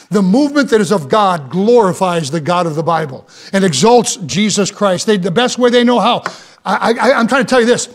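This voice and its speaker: A man with a strikingly high-pitched voice delivers a sermon. He preaches with fervor, stumbling over repeated words as his emphasis rises. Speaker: pastor.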